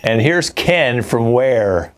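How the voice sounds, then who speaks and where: A man's voice: medium pitch, expressive, slow. An older man hosting a live online improv show, joking with dry asides and rambling a little. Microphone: video call mic.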